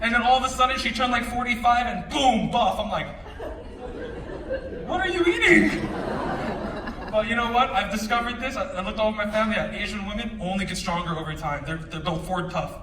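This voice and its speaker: A young man in his twenties telling a jokey, energetic story on a convention stage with a lot of slang, heard in an echoey hall. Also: high voice, fast talker, hardly any pauses, noisy background. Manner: energetic, joking, chatty slang. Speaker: motivational speaker. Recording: echoey hall, distant mic, audience.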